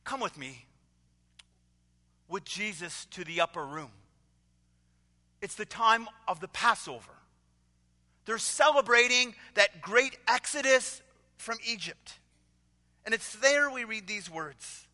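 Brief: male pastor, sermon storytelling, bright tone, long hall reverb. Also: sits high, animated. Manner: storytelling, with acted voices and dramatic pauses.

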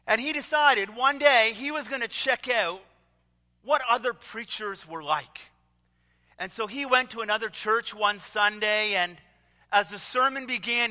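A man preaching a sermon who tells stories with acted voices and dramatic pauses, with long reverb around him. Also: sits high, sharp tone. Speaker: pastor.

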